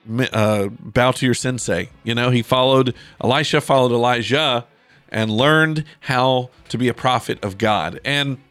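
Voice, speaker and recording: A man's voice: mid-range voice, measured pace, a bit bright, no room sound, soft background music. A man who is a pastor, teaching from the Bible in a casual, conversational podcast, reading scripture aloud between loose asides and fillers.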